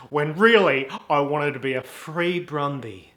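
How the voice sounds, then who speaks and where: A young man talks to camera in a loose comic monologue, mocking himself as he goes. His voice is bright and sits a little high, and he rambles from one analogy into the next. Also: unhurried, hardly any pauses. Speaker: vlogger.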